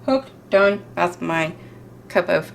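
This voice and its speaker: Chatty, slow-talking woman cooking at home. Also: lowish voice, expressive, vocal fry, a little hiss or hum. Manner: chatty, jokey and self-deprecating. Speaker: cooking channel host. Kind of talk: casual home cooking vlog.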